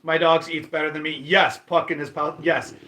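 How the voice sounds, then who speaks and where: A man's voice: on the high side, level tone, moderate pace, sharp tone. A man from Michigan hosting a casual livestream, chatting and welcoming viewers by name. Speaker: livestream host. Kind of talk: casual livestream chat, reading viewer comments.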